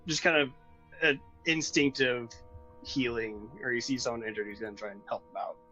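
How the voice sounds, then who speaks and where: A man's voice: mid-range voice, steady tone, normal speed, sharp tone. A man player asks hesitant rules questions. His mic sounds dull and lo-fi, with faint music behind. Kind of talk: tabletop game chat.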